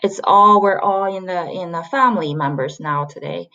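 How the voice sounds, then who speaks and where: A woman's voice: on the low side, normal speed, sharp tone. A woman from China, teaching a beginner pronunciation lesson and patiently repeating sounds to model the tones. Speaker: Chinese language teacher. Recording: slightly dull lo-fi recording.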